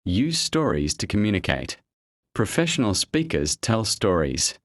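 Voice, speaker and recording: Lively low-voiced man narrating a lesson. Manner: measured, emphatic delivery. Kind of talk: scripted motivational narration.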